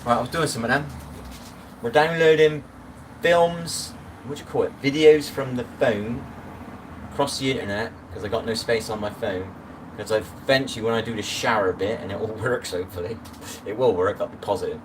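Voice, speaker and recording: A man's voice: mid-range voice, a little fast, a little hiss or hum. Rambling man on a distant phone mic. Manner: rambling, greets viewers by name, chatty asides. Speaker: livestream host. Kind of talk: casual live-stream chat.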